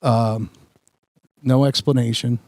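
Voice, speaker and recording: A man's voice: mid-range voice, steady tone, slow, a little mellow, no room sound. Rambling man telling stories. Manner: rambling, self-mocking anecdote with filler words. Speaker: podcast host. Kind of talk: casual storytelling chat.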